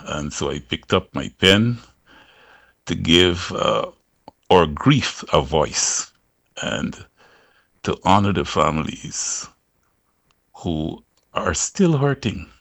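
A man, a songwriter guest, talking slowly from home on a call, with many pauses and fillers. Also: sits low, animated, vocal fry, a bit bright. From Guyana. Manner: slow, halting, many fillers. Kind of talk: remote interview. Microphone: phone or video call from home.

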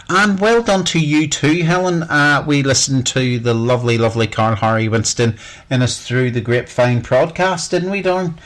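A man's voice: mid-range voice, fairly bright tone. Belfast guy on community radio, gushing, lots of uh uh, mid voice. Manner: chatty and effusive, frequent hesitations. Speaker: radio host. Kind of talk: casual radio chat.

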